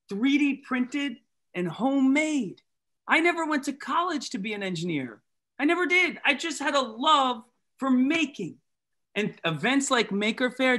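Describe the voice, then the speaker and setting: A man performing a magic show for children, animated and leading the audience in call-and-response. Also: very high voice. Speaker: maker magician giving keynote.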